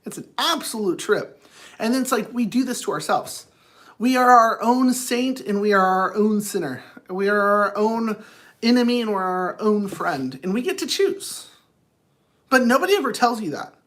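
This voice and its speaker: A man's voice: sits high, expressive, normal speed, a bit bright. Playful rambling male streamer. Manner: playful, rambling, talks to chat. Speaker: livestream host. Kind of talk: rambling casual livestream chat.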